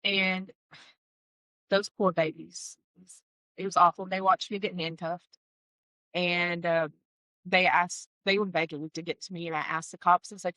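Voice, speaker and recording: A woman tells her life story in an interview, candid and heartfelt, slipping in wry asides. Her voice is bright and clear. The recording is close and dry, with no room sound. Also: fairly low pitch, fairly even intonation, a little slow, dry recording, poor audio. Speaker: guest sharing a personal testimony. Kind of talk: emotional personal storytelling.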